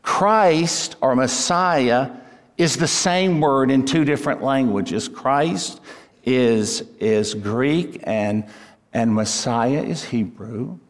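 A man preaching a sermon as a pastor, deliberate and emphatic, pushing his voice up on key words. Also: medium pitch, in a large hall.

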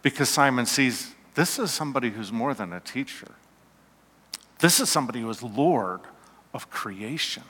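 A man preaching a sermon slowly and emphatically, his voice falling to a hush at key points, in a church. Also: medium pitch, lively intonation, husky. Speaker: pastor. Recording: long reverb of a hall.

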